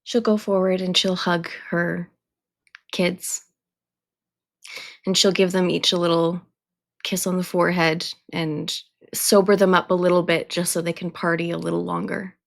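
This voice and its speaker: A woman speaking in character as a player at a tabletop game, calm and heartfelt. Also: lowish voice, moderate pace, creaky.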